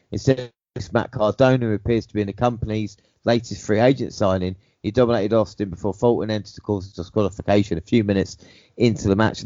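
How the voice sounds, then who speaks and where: A man with a low voice co-hosts a casual podcast. He reads recaps from a script, then drops into relaxed chat about the matches. The recording sounds dull and lo-fi, with a dry, close mic. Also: no echo. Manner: reads match recaps steadily, then chats with rating opinions. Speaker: podcast co-host recapping wrestling.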